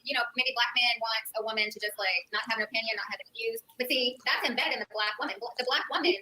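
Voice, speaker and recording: A woman's voice: fairly high pitch, very fast, sharp tone, a little hiss or hum, rough recording. A woman panelist in a played clip, making an opinionated, emphatic point. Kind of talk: panel discussion.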